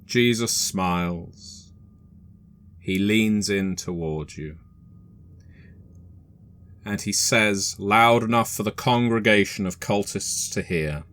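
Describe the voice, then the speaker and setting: A man narrating a tabletop horror game as game master, in a measured, deliberate way. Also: fairly low pitch, a bit bright.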